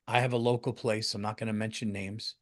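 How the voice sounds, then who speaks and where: A middle-aged man hosting a comedy podcast, telling stories in a casual, animated way, swearing freely and jumping into loud acted-out quotes. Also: on the low side, brisk.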